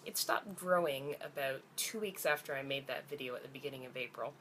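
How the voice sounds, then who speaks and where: A woman's voice: low-pitched, moderate pace, a bit bright, slight background noise. Blunt, profane young Canadian woman vlogger. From Canada (Ontario). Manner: blunt and profane, rising to heated exasperation. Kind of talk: ranting vlog to camera.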